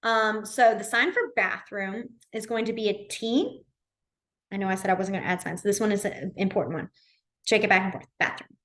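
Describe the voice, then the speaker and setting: A woman teaches a beginner sign language class in a library, keeping it chatty and informal with plenty of fillers and self-corrections. Her voice has a medium pitch, a normal pace and a fairly bright tone.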